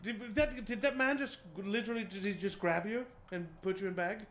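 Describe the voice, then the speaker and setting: A man's voice: high voice, steady tone, fairly quick, fairly bright tone, a little hiss or hum. A man at a tabletop game, joking and laughing with his group. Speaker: player. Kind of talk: casual tabletop play.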